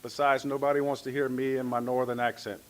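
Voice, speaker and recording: A man with a South Louisiana accent introducing a guest speaker, slow and building up to a showy announcement. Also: medium pitch, little pitch movement, slight background noise, low-quality recording. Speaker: club member introducing the speaker.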